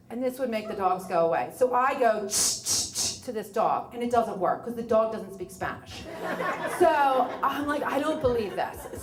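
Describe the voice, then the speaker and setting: A woman's voice: mid-range voice, roomy sound. A woman, telling a true story on stage in a chatty, wry way and quoting herself often. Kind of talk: live storytelling. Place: bar or small venue at a live event.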